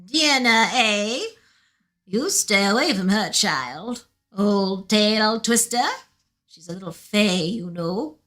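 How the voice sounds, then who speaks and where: A woman voicing a drowsy, big old nursemaid who is gruff but loving, murmuring slowly in a homely scolding way, in a storybook reading. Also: mid-range voice, animated, a bit bright. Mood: disapproving.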